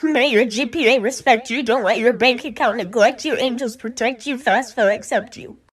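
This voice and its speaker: A woman reading funny tweets aloud to camera in a playful way, jumping up in pitch for punchlines. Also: normal speed. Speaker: tiktok creator reading tweets.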